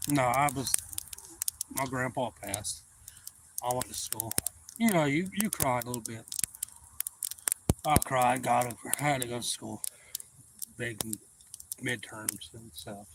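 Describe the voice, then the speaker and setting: A man hosting a livestream, telling profane stories in a casual, animated way and acting out the voices of the people in them. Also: medium pitch, noisy background. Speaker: livestream host. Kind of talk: casual storytelling.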